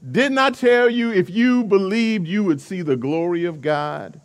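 A man voicing Jesus, calm and assured, in a sermon story. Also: high voice, measured pace, pitched above the performer's own voice.

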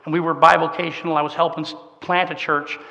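A middle-aged man, preaching a sermon through a conversational personal story that swings from soft and emotional to emphatic. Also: fairly high pitch, level tone, quick pace, creaky, lo-fi sound. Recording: long hall reverb.

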